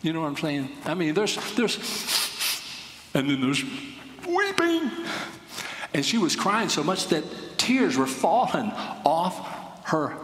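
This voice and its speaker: A man's voice: on the high side, animated, measured pace, fairly bright tone. A male pastor preaching in a big echoing church hall, his voice ringing with long reverb. He tells stories earnestly and builds to emphatic points, with a faint room hum behind him. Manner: earnest storytelling, rising to emphatic. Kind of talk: sermon. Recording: echoey hall with faint ambience.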